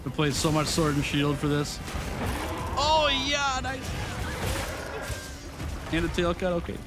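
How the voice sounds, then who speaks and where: A fairly high-pitched young man speaks in a steady tone at a moderate pace as he plays on stream, with game music in the background. The host stays upbeat and chatty, often laughing and welcoming viewers by name.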